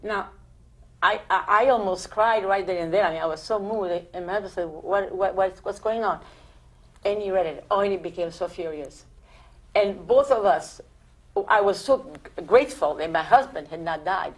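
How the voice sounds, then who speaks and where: An older woman from Italy with an Italian accent, telling her life stories in an oral history interview, animated and full of restarts. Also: lowish voice, normal speed. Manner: animated storytelling with many restarts.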